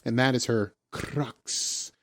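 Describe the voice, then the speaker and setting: A man casually retelling a TV episode on a podcast, rambling and slipping into quick impressions of the characters. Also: medium pitch, fairly even intonation, a bit bright, dry recording, studio quality. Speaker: podcast co-host recapping an episode. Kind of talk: casual chat.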